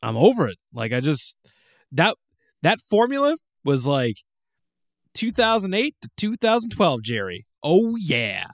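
A young man chats and rants about games, his pitch leaping around as he acts out moments from play. The recording is dry and close, with no room sound. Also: a little slow, creaky, no echo. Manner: animated, ranting, acts out game moments. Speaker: podcast co-host. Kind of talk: casual chat.

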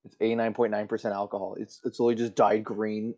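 A man co-hosting a podcast in casual, profane chat, joking crudely and deadpan. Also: on the low side, quick pace. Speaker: podcast co-host.

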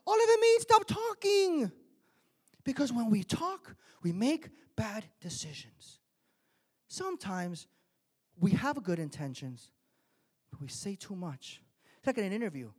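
A male pastor from Miami preaching a sermon, swinging from quiet asides to loud emphatic points. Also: high voice. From Miami, United States.

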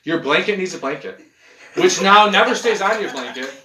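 A man hosting a casual podcast from his couch, ranting in a profane, animated way. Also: sits high, fairly quick. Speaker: podcast host. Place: living room at home, on a couch. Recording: echoey room.

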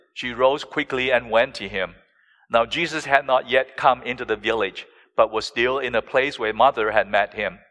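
A man preaching a sermon, slow and deliberate, with dramatic rises in pitch and volume on key phrases. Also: pushed and bright, in a large hall. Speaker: pastor.

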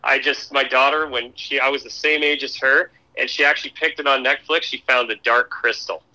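Very bright-voiced, joking man. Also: mid-range voice, steady tone, fairly quick, low-quality recording. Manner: joking, laughs easily. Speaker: podcast co-host. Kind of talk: casual chat.

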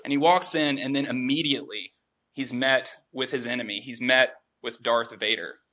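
Preacher, male, very bright and forceful tone, conversational and self-deprecating, mid-range pitch. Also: moderate pace. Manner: relaxed, chatty, self-deprecating with casual asides. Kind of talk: conversational sermon.

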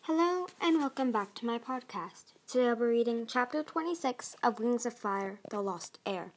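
A woman's voice: a little high, lively intonation, normal speed. A woman hosting a podcast, reading a novel aloud expressively with small stumbles. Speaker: audiobook podcast host.

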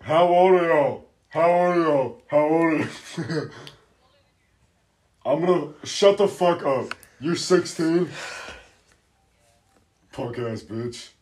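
A young man co-hosting a podcast, taunting and cursing loudly through crude prank banter. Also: on the high side, takes it slowly, pauses often. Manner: taunting, loud and profane. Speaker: podcast co-host.

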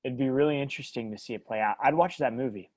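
A man in his thirties co-hosting a podcast, talking in a rambling, animated way and laughing often. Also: medium pitch, fast, no room sound. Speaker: podcast co-host. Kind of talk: casual chat.

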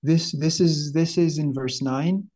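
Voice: mid-range voice, fairly even intonation, a little slow, darkish tone, husky. A Bible study teacher giving an earnest, fervent teaching, often stopping to exclaim and repeating words as the thought forms.

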